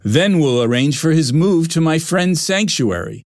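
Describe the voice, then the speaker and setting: A narrator voicing a kind, caring grandfather in an audiobook, calm and reassuring. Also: medium pitch, unhurried, no room sound, clean studio sound. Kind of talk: audiobook reading.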